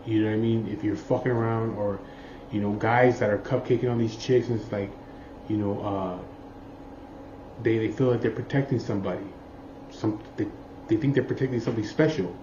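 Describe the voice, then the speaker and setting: Guy rambling thru a story, lots of swearing and "you know what i mean", dark mellow voice, roomy muffled sound w a bit of hiss. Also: on the low side, fairly even intonation, a little fast. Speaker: biker telling a story. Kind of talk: casual storytelling. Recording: muffled, roomy, faint background noise.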